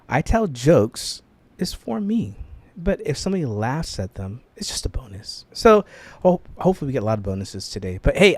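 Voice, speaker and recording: A man's voice: mid-range voice, a little mellow, no echo. A middle-aged man from California's Central Valley, a podcast producer interviewing his host in a casual, joking way, laughing often and restarting his sentences. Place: home podcast studio.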